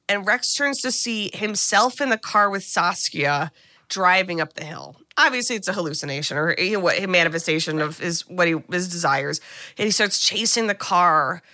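Podcast co-host, woman, bright tone, lively storytelling, voices the characters. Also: on the low side. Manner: animated, acts out characters' lines. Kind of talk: casual movie recap.

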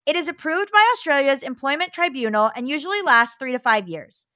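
Bright high-voiced woman reading listener mail. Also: lively intonation, a little fast, dry recording, clean studio sound. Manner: reads letters aloud, laughs and riffs between them. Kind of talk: casual podcast chat, reading letters aloud.

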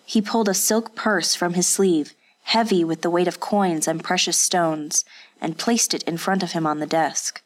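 A woman reading an audiobook in steady, scripted narration. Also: on the low side, normal speed.

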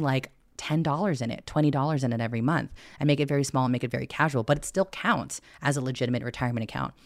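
A woman's voice: very deep voice, no echo, studio quality. A woman who is a personal finance guest on a casual podcast, talking in a candid, chatty way and swearing now and then.

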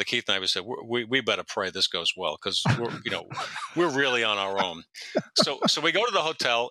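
A man's voice: mid-range voice, sharp tone, no echo. A man telling long stories as a podcast guest, rambling and correcting himself as he jumps around in time. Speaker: podcast guest, retired police detective. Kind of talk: storytelling in a casual interview.

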